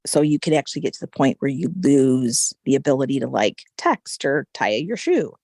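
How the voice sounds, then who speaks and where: A woman with a low, gravelly voice tells a personal story as a podcast guest. She is animated and peppers her talk with "like" and "right?". The sound is dry and close. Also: moderate pace, dry recording. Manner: animated, frequent "like" and "right?" fillers.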